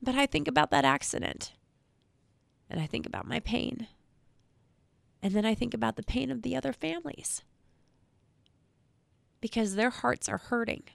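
A woman in public safety speaking straight to viewers, emotional and near tears, earnest and halting, repeating words as she talks. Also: fairly high pitch, expressive, gravelly, dry recording. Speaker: state trooper spokesperson. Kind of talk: emotional direct-to-camera talk.

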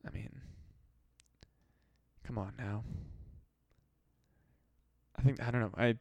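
A man's voice: lowish voice, fairly even intonation, takes it slowly, vocal fry, a little mellow, lo-fi sound. A man hosting a solo podcast, rambling and swearing with mock-desperate pleading. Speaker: podcast host. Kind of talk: casual solo podcast rant.

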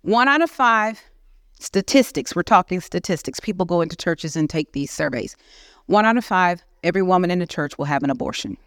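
A woman preaching to a women's session at church, lively and conversational. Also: on the low side, brisk, dry recording, clean studio sound. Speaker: guest speaker. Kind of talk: teaching sermon. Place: church hall.

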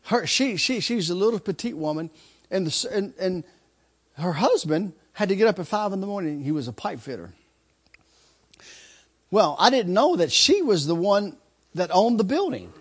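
A man's voice: sits high, sing-song, moderate pace, long pauses, slightly rough. A male preacher telling a story in a sermon, acting out screams and laughter as he goes. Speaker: traveling preacher.

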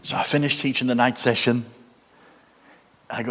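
A man's voice: medium pitch, fairly even intonation, moderate pace, long pauses, a bit bright. A man preaching as guest speaker, telling a comic story with punchlines and acted-out quotes. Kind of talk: comedic sermon storytelling. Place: church hall, live audience. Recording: echoey hall, faint noise.

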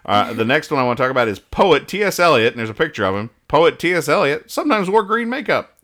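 A man's voice: on the high side, very animated, fast, fairly bright tone. A man co-hosting a comedy podcast, rambling and over-explaining the jokes in comics. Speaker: podcast co-host. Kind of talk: casual comedic chat.

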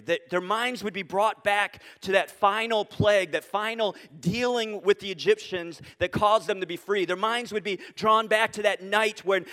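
A man's voice: sits high, fairly bright tone, big-room sound. A man preaching a sermon to a congregation, earnest, building to emphatic declarations. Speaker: pastor. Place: church auditorium with live audience.

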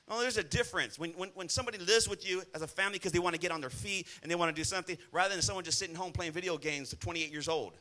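Speaking quickly in a high, sharp voice, a male preacher delivers a scolding, blunt sermon in church. Again and again he calls out to the congregation for an "amen."

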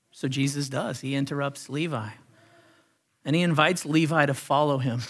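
A male pastor preaching a sermon, earnest, rising on key phrases and dropping softly for emphasis. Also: fairly high pitch, normal speed. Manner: earnest preaching, swells then drops to soft emphasis.

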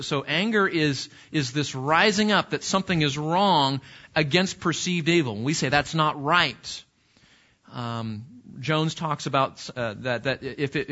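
A man's voice: a little high, pushed and bright. A middle-aged man teaching a Bible class at church, who repeats his words as he goes and keeps putting questions to the class. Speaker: Sunday school teacher. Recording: dull lo-fi recording.

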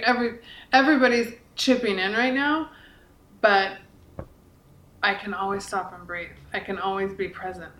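A woman's voice: mid-range voice, a bit bright. A woman in her forties, chatty and earnest, talking casually on a podcast with lots of likes and restarts. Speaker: podcast co-host and author. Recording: echoey room.

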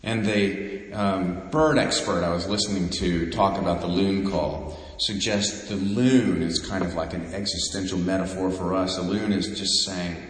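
A low-voiced man delivers a sermon at an unhurried, measured pace. His words ring out through a large, echoing church, with a long tail of reverb after each phrase. He builds to fervent emphasis on key lines. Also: fairly even intonation. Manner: slow, deliberate, rising to fervent emphasis. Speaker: preacher. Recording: echoey hall with long reverb.

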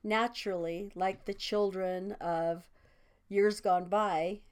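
A woman's voice: mid-range voice, fairly even intonation, slow. A woman in her sixties, a kindergarten teacher, chatting casually and laughing often between thoughts. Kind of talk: casual conversation.

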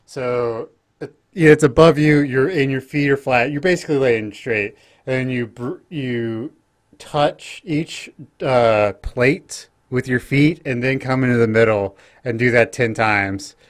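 A man with an ordinary middle-pitched voice, talking casually as a podcast co-host. He speaks in a relaxed, halting way, often restarting his sentences. The recording is dry and close. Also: no room sound. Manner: relaxed, hesitant, many restarts and fillers. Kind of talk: casual chat.

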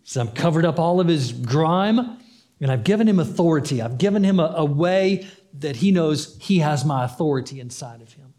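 This male pastor's voice is warm and on the high side, animated, at normal speed. Conversational in delivery, he performs the story's dialogue and repeats phrases for emphasis.

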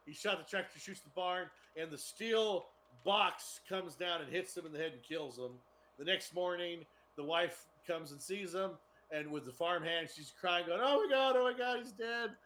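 Bright-voiced man retelling a story. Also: fairly high pitch, normal speed. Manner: rambling, profane, laughs while retelling. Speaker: podcast co-host. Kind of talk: casual chat retelling a TV episode.

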